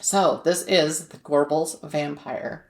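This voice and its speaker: A woman's voice: low-pitched, fairly even intonation, slow pace, a little mellow, echoey room. A woman co-hosting a podcast, telling a story in a chatty, casual way and laughing now and then mid-sentence. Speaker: podcast co-host.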